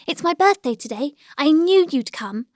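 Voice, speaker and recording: A woman's voice: normal speed, no echo. An eager little boy, sleepy but delighted, chattering in a raised, childlike voice, as a woman reader puts him on. The sound is dry and close, with no room around it. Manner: eager, excited, higher-pitched child voice. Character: small sleepy affectionate boy.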